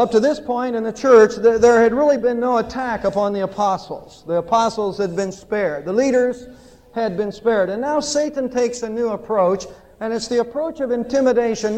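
A man's voice: sits high, a little mellow, big-room sound, poor audio. A man preaching a sermon to his church, emphatic and storytelling as he teaches. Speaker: pastor. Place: church sanctuary.

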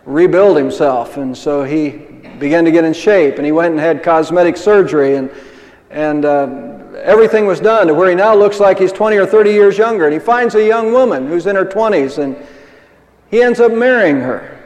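A man's voice: sits high, moderate pace, darkish tone. An older man preaching a sermon as pastor, conversational, asking the congregation rhetorical questions. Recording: long reverb of a large hall.

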